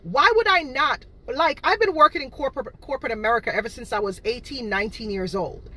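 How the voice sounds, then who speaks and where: A woman's voice: on the high side, fast, pushed and bright, dry recording. A woman in her thirties from Boston with a Jamaican patois-inflected accent, talking casually and indignantly to her viewers, repeating herself for emphasis. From Boston, Massachusetts. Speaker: cake seller.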